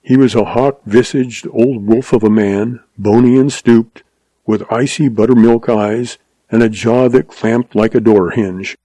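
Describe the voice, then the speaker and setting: A man giving steady, measured scripted narration of a western audiobook. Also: mid-range voice, no room sound.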